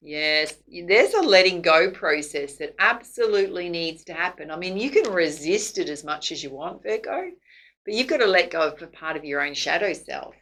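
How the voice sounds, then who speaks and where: A woman's voice: fairly low pitch, animated, moderate pace, a bit bright, low-quality recording. A woman doing a casual tarot reading to camera, chatty and laughing often. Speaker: psychic tarot reader.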